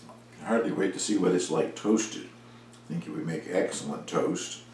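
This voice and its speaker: A man with a very low voice talks in an easygoing, rambling way, trailing off and filling gaps with "uh". He is in a home kitchen that sounds echoey. A steady background noise sits under his voice. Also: moderate pace. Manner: relaxed and rambling, with fillers. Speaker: home baking vlogger. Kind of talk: casual home cooking talk. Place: home kitchen and dining room.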